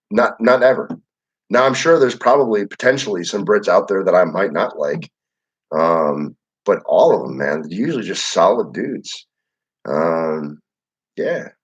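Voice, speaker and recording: A young man from Michigan, hosting a casual livestream and reading the chat. He talks in a rambling, relaxed way, with lots of filler words and swearing. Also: medium pitch. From Michigan, USA. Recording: dull lo-fi audio.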